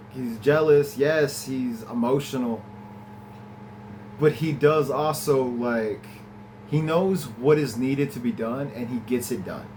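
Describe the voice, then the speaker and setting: A man at a middle pitch, talking through an episode in a loose, chatty recap. He gets excited easily, laughs along the way, and his voice leaps upward when something delights him. There is a faint hiss of room noise behind him. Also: poor audio. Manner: chatty and enthusiastic, laughs often, swings from low to high pitch. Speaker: podcast host reviewing an episode. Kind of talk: casual recap and commentary.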